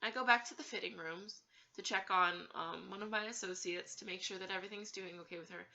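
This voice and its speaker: Bright-voiced giggly woman telling a story. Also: medium pitch, fairly even intonation, brisk, gravelly, highs cut off. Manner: giggly, hesitant, many fillers. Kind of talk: casual storytime chat.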